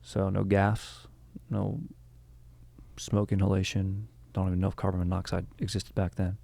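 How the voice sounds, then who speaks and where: A man's voice: sits low, flat delivery, normal speed, creaky, mellow, no room sound. A young man hosting a history podcast, telling the story in a rambling, joking way and breaking off to correct himself. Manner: rambling, joking, self-interrupting. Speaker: podcast host. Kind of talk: casual history podcast chat.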